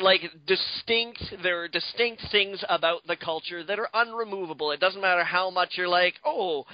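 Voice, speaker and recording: A man from Canada, co-hosting a podcast in a rambling, profane, animated way. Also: high-pitched, dry recording. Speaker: podcast co-host. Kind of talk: casual podcast chat. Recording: dull lo-fi, dry.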